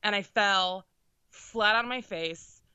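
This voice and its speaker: A young woman co-hosting a podcast, telling an animated, profane story in casual chat. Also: medium pitch, takes it slowly, clean tone, no room sound. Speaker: podcast co-host. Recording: dull lo-fi sound.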